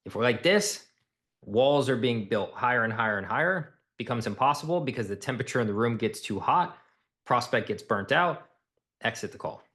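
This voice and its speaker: A man coaching salespeople, talking bluntly and with emphasis. He hammers points home by repeating them, and his voice sits at an ordinary middle pitch. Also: lively intonation, moderate pace, fairly bright tone.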